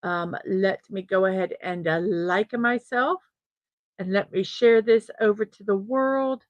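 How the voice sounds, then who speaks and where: A woman's voice: mid-range voice, measured pace, no echo, lo-fi sound. A woman hosting a casual daily morning livestream from home, chatty and easily distracted, greeting chatters one by one. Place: room at home with a fan running.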